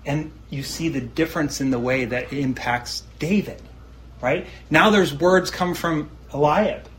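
A man's voice: fairly high pitch, unhurried, slight background noise, rough recording. Earnest male preacher teaching from scripture. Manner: earnest, conversational, often asks the listeners questions; reads scripture aloud, then comments on it. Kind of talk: sermon, reading and explaining scripture.

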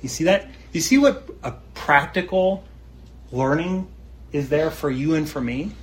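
Speaking a little slowly in a somewhat high voice, a man delivers a sermon captured on a low-quality recording. After reading passages of scripture, he unpacks them in an earnest, chatty way, often putting questions to his audience.

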